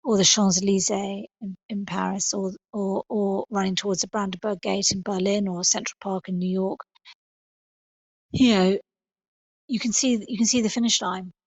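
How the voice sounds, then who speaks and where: A middle-aged woman speaks as a podcast guest, stopping and restarting often as she thinks aloud. Her voice is gravelly and husky. The recording is dry and a little dull. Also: mid-range voice, steady tone, no room sound. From England. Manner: thoughtful, halting with many fillers and restarts. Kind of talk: podcast interview.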